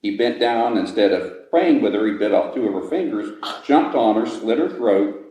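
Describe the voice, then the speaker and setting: A man telling a ghost story to visitors inside an old jail, with slow, dramatic pacing. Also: lowish voice, expressive, mellow. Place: old jail building, indoors. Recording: echoey stone room.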